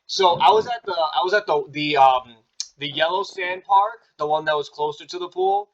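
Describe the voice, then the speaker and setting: A man's voice: a little high, moderate pace, crowd noise. A man hosting a casual interview chat, easygoing, asking questions and telling his own stories. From Staten Island, New York. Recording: dull lo-fi sound.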